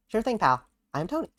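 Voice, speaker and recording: Brief: woman doing a high, chirpy, eager male sidekick in a dry comedy sketch. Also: fairly bright tone, dry recording. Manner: cheerful, eager, repeats his own name. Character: chipper, simple-minded male sidekick named Tony.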